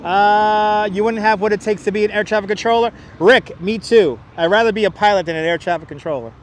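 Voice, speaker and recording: A brisk, high-sitting male voice comes through a wireless clip-on mic as he livestreams planespotting outdoors by an airport. Casual and joking, he announces incoming flights against slight background noise.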